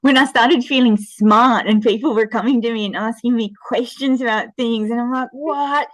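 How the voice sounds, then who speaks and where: A woman in her forties from the Philippines, a guest in a casual interview, telling animated stories that often restart mid-sentence. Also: a little high, moderate pace, dry recording. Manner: animated storytelling with frequent restarts.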